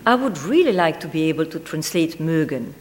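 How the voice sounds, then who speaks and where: A woman reads a literary essay aloud in a measured, deliberate way, dwelling on single words. Her voice sits a little low. The recording carries a long, trailing reverb, as from a large hall. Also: very animated, a little hiss or hum.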